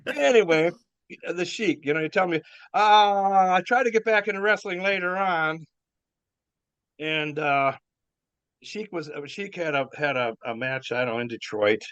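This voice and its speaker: A man's voice: on the high side, a little slow, a bit bright, clean tone, no room sound. An older man, a former wrestler, telling rambling stories with chuckles, fillers and restarts. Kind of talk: rambling storytelling. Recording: dull dry lo-fi sound.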